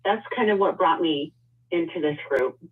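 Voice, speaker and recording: A woman's voice: low voice, normal speed, husky. A woman introducing herself on a casual video call, friendly, with many ums and light laughs. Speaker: financial services guest. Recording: tinny phone-like call audio.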